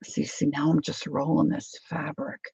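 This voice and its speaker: A woman's voice: deep voice, flat delivery, normal speed, creaky, dark tone, slightly rough, no echo, highs cut off. A woman hosting a craft livestream, rambling chattily through a demo and answering viewer comments.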